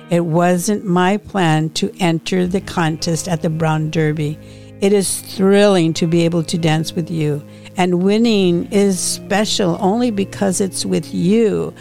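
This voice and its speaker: An earnest, sensible young man in a storybook reading, read in a woman's own low voice. He speaks slowly and gently, with a gravelly rasp and soft guitar music behind. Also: steady tone.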